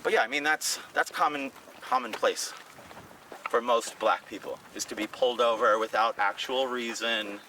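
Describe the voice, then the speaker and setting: A man's voice: medium pitch, moderate pace, far from the mic, slight background noise, poor audio. A comedian telling stories in casual talk on a city walk, acting out the voices of the people he quotes. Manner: animated, acts out quoted voices. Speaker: comedian and podcast co-host. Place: outdoors on city streets.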